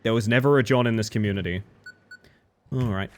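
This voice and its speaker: A young man with a low-leaning voice talks a little fast as he streams a game. It's casual live chat, full of playful jokes aimed straight at his viewers.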